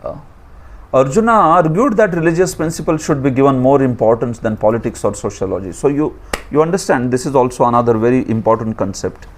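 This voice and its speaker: A man's voice: medium pitch, a little fast. A man with an Indian accent teaching a scripture class, lecturing and asking his students questions, with chuckling asides.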